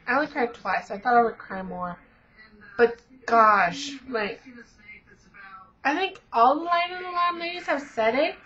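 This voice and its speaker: A woman's voice: a little high, a bit bright. A teenage girl vlogger rambling in casual chat, gushing with lots of fillers. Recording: dull lo-fi webcam audio.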